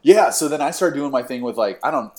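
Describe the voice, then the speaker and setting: A man's voice: medium pitch, fairly quick. A young man telling a story in casual chat, acting out what people said, swearing freely and laughing often. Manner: animated storytelling, acts out quotes, frequent swearing and laughter.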